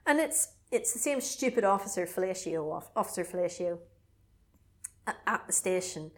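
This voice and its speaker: A woman's lowish voice moves at normal speed as she, a podcast co-host, casually retells the plot of a film. Animated throughout, she swears freely and keeps breaking into mock voices.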